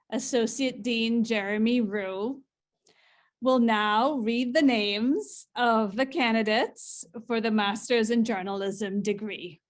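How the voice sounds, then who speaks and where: A woman hosting a graduation ceremony, introducing speakers with some halting fillers. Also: on the high side. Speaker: ceremony host.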